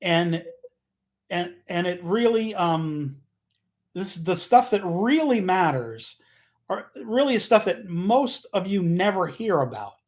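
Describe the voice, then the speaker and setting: A man hosting a casual livestream, rambling and joking, often losing his train of thought and getting loud and fired up. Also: high-pitched, sing-song, slow pace. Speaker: livestream host.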